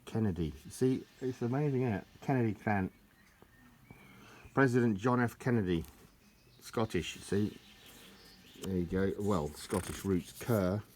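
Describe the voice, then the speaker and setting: A man's voice: lowish voice, unhurried, pauses often, darkish tone. A middle-aged man chatting casually and joking his way through an old book, laughing at his own jokes. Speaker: vlogger leafing through an old tartan book. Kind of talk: rambling casual chat.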